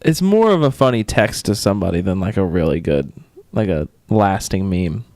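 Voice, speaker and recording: A man's voice: low voice, expressive, normal speed, darkish tone, no echo, clean studio sound. A young man co-hosting a podcast, chatting casually and teasing with playful exaggeration. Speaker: podcast co-host. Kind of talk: casual chat.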